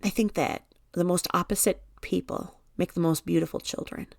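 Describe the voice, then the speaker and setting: Woman, gravelly low voice, casual live-stream chat, blunt, reads comments aloud. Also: fairly even intonation, normal speed, no echo, clean studio sound. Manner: often drops to a low mutter while reading the screen. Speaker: true-crime video host.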